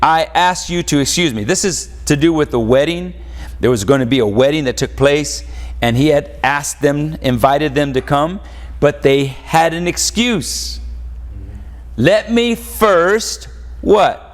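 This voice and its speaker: A man's voice: fairly high pitch, moderate pace. A man preaching a sermon as pastor, asking the congregation questions and having them answer back. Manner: call-and-response preaching, rhetorical questions. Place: church. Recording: long church reverb.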